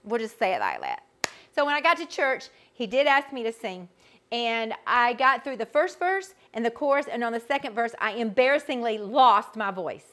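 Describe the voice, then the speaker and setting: A middle-aged woman, a vocal coach, teaching a group in a chatty, animated way with frequent restarts. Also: on the high side, moderate pace. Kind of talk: casual teaching talk to a group.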